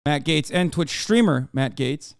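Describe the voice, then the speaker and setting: A man's voice: on the high side, animated, measured pace, creaky, no room sound, studio quality. A man hosting a stream, chatting casually and joking with many fillers. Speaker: streamer and host. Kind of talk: casual chat reacting on stream.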